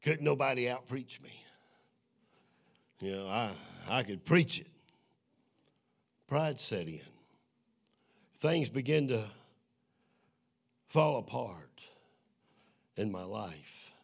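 Gravelly middle-aged man, slow bright voice, preaching a testimony, hushed then shouting. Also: mid-range voice, lively intonation. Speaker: evangelist. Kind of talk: testimony sermon.

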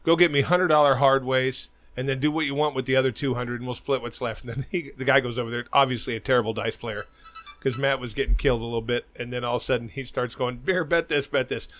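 Talking fast in a steady, mid-range, slightly bright voice, this middle-aged podcast host rambles through a lengthy anecdote and swears a lot. The talk is a casual chat.

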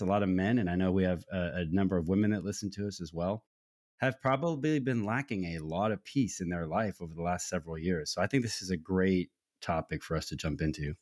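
Deep-voiced earnest American man. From United States. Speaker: podcast co-host. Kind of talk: casual faith podcast chat.

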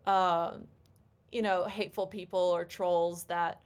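A woman's voice: on the low side, level tone, slow, clean tone. A young adult woman, a cosplayer guest, answering interview questions casually and filling her speech with "like" and "um". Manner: chatty, peppered with "like" and "um" fillers.

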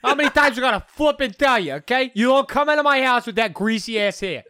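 Man doing a sassy little sister, high, scolding, dry close sound. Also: animated, fast talker, pushed and bright, clean tone, no room sound, exaggerated voice. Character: sassy bossy younger sister scolding her brother.

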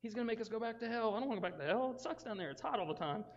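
A man's voice: sits high, lively intonation, very fast, voice pushed up. A man putting on a whiny comic demon. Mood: panicky. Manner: comic, pleading, exaggerated. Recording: dull sound with long hall reverb.

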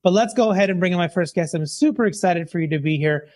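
Guy hosting a podcast, chatty, pokes fun at himself, kinda high voice, dry close sound. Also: fast talker, darkish tone, no room sound. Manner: chatty, self-deprecating, filler-heavy. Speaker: podcast host. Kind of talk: casual show intro and interview.

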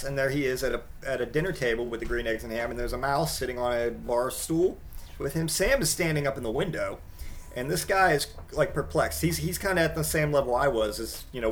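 A man giving casual comedic commentary on a picture book, wry and rambling, halting often with fillers. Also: mid-range voice, slight background noise.

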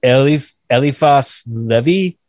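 A man's voice: mid-range voice, takes it slowly, darkish tone, no room sound. A man co-hosting a casual podcast, reading his notes aloud, stumbling over French words, swearing and laughing at himself. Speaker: podcast co-host reading research.

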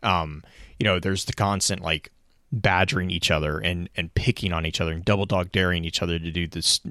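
A man with a low, deep voice chats casually as a podcast co-host. He talks with enthusiasm, restarting his sentences often as his thoughts run ahead. The sound is dry and close. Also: fairly even intonation, brisk, sharp tone, dry recording. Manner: enthusiastic, rambling with frequent restarts. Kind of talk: casual chat.

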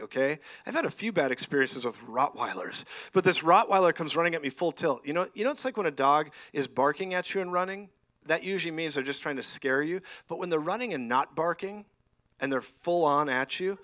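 A man preaching a sermon to a live congregation, telling stories with laughter and having the room repeat phrases after him. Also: a little high. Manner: call-and-response, has congregation repeat phrases; animated storytelling with laughter. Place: church hall with live congregation.

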